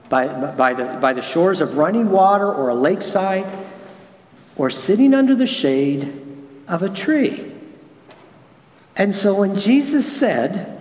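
A man preaching a sermon, acting out the quoted lines with lively swings in his voice. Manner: animated, acts out quoted lines with big pitch jumps. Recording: echoey hall.

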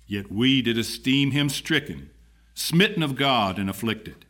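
A man solemnly reading scripture aloud in church while the congregation answers. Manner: measured, dramatic reading with lively pitch. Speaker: scripture reader. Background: congregation answering amen.

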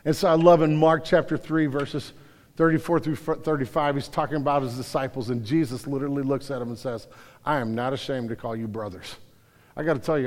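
A man's voice: mid-range voice, a little mellow. A man preaching a passionate sermon to a congregation, building to emphatic peaks. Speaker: pastor. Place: church sanctuary. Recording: hall reverb.

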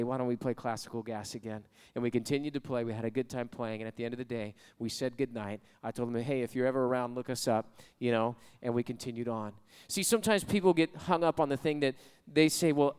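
A male pastor preaching a sermon, rising to loud, shouted exhortation and then leading a quiet, slow prayer. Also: mid-range voice, clear, resonant tone, in a large hall.

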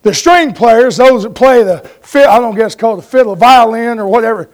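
A man's voice: extremely high pitch, brisk. A man preaching a sermon in a folksy way, telling stories and asking his congregation for an amen.

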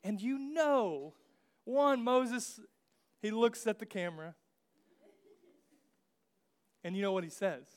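A man's voice: high-pitched, lively intonation, slow pace, pauses often. A young man preaching a casual sermon, joking and acting out biblical figures in slang asides. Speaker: pastor.

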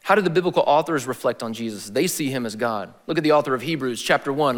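A man giving a sermon as a pastor, in a casual, slangy style with animated emphasis. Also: mid-range voice, fast, long reverb tail.

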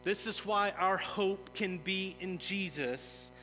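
Slow, bright-voiced man preaching in a hall. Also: high-pitched. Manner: earnest, emphatic preaching with rising intensity. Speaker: pastor. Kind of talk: sermon. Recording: long reverb of a large hall with music.

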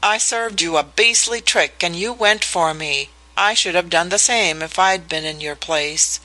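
A reader voicing a peevish, offhand young gentleman who speaks almost pettishly. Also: mid-range voice, a little slow, poor audio.

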